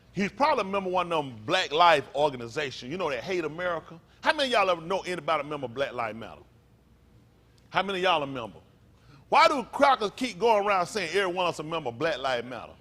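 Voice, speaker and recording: High, animated fiery preacher man. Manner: fiery, slangy, fires rhetorical questions at the room; swings between low mutters and high bursts. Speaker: pastor. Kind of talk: preaching sermon to a congregation. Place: congregation meeting room.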